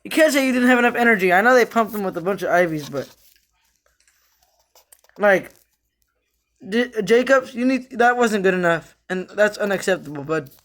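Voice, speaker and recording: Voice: medium pitch, expressive, moderate pace, long pauses, fairly bright tone. A sports fan vlogger giving a casual, rambling rant about the team, repeating themselves in frustration with lots of fillers and restarts.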